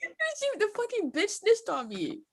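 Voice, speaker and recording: A young woman co-hosting a podcast, telling stories in a giggly, animated way. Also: very high-pitched, moderate pace, creaky. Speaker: podcast co-host. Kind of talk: casual podcast chat.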